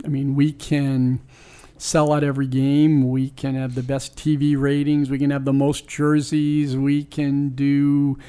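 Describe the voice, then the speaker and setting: A man's voice: mid-range voice, mellow. A man in his sixties from New York, a sports team owner, tells a personal story in an interview. He is reflective and earnest and often restarts his sentences. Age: 60s.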